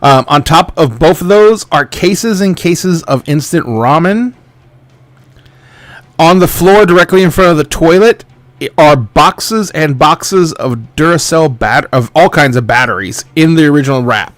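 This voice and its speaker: Soft-spoken man running a tabletop game. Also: fairly high pitch, animated, dry recording. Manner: casual, halting descriptions with fillers. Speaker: game master. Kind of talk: describing scenes in a tabletop horror game.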